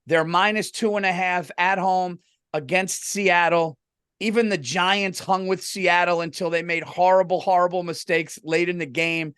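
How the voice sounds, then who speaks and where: A man's voice: sits high, steady tone, normal speed, fairly bright tone, smooth, dry recording, clean studio sound. A man co-hosting a casual sports podcast, telling stories loosely and laughing often. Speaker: podcast co-host.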